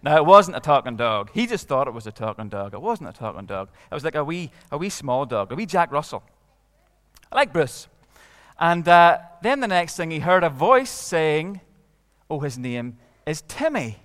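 Expressive Northern Irish storyteller man. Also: fairly high pitch, normal speed, big-room sound. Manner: lively, expressive, with dramatic hushes. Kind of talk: telling a story to a live audience.

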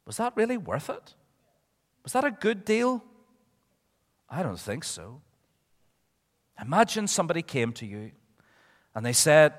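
A man giving a children's talk in church, an animated storyteller who asks the children questions. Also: a little high, unhurried, pauses often. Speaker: preacher. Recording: echoey church hall.

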